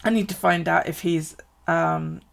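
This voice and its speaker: A woman with a gravelly, fry-edged voice talks casually through a live stream. She swears freely, laughs often and answers viewers' comments as she chats. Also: on the low side, steady tone, a little slow. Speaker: bullet journal vlogger.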